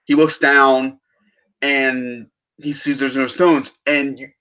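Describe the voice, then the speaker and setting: Excited bright-voiced man retelling a film. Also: mid-range voice, slow pace, smooth, highs cut off. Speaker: movie podcast host. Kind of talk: casual film review chat.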